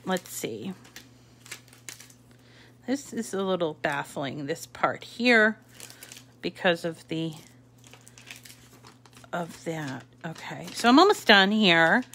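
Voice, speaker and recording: A woman's voice: on the low side, fairly bright tone. A woman from the Boston area with a Boston accent, chatting casually through a craft demonstration and trailing off into asides as she works. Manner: chatty, many fillers and self-corrections while working. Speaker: craft tutorial host.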